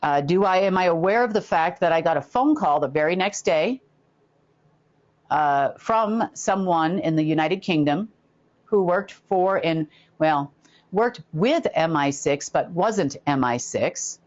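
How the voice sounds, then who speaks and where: Low-voiced woman telling a rambling story. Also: normal speed. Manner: rambling, filler-heavy, slips into animated impressions. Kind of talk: casual storytelling. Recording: dull lo-fi recording.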